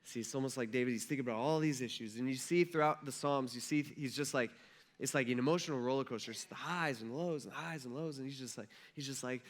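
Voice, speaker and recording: A man's voice: fairly high pitch, quick pace. A male pastor giving a conversational sermon in a church, acting out quotes with rising intensity. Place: church sanctuary.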